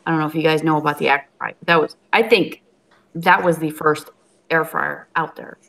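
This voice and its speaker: A woman's voice: sits low, fairly even intonation, fairly quick, gravelly, over music. A woman, a cooking channel host, chatting casually and emotionally as a guest on a live video-call stream.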